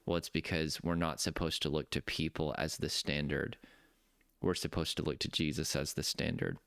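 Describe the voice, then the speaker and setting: A man coaching on nervous-system health gives an earnest, heartfelt talk about his faith, slowing down to stress key points. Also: rumbling low, level tone, gravelly, a bit bright, dry recording, clean studio sound. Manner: earnest, preacherly, slows down for emphasis.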